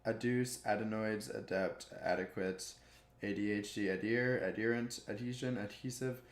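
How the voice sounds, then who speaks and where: Male YouTuber, flat delivery, rattles off a word list, slips and laughs, roomy sound. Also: on the low side, moderate pace. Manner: monotone word list with stumbles and chuckles. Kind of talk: reading dictionary words aloud.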